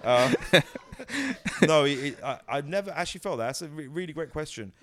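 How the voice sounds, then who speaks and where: A man, a guest chatting in an interview, telling animated stories with restarts and bursts of impressions. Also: on the high side, fast talker, crowd noise. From United Kingdom. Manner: animated storyteller, breaks into impressions, many restarts. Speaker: interview guest, comedic actor. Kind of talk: casual conversational interview.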